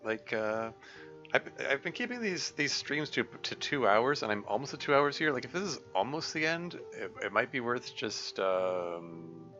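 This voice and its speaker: A man's voice: mid-range voice, sing-song, moderate pace, bright, forceful tone, dull audio, soft background music. A man casually commenting while streaming a game, talking in a rambling, hesitant way. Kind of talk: casual let's-play commentary.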